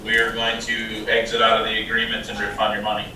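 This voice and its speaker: Bright, very echoey man at a meeting. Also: fairly low pitch, monotone, fast, a little hiss or hum. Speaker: board member. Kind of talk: public meeting discussion. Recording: very echoey, distant sound.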